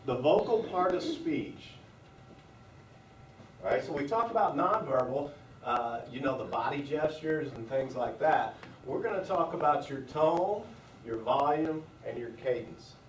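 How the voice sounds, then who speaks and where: A man's voice: medium pitch, slight background noise. A man leading a staff training class, talking conversationally and asking the room questions. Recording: echoey room from far off.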